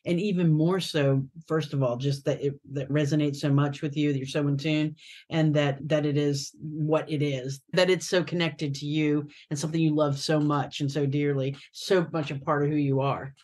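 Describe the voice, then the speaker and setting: A woman's voice: deep voice, fairly even intonation, normal speed, a little mellow. A woman guest artist chatting casually in an interview, rambling and often restarting her sentences.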